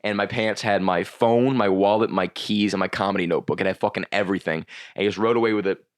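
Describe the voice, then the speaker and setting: Man, low-pitched, rambling podcast story, lots of restarts and cursing. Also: fairly even intonation, quick pace. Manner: rambling, many restarts, frequent swearing. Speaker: comedian guest.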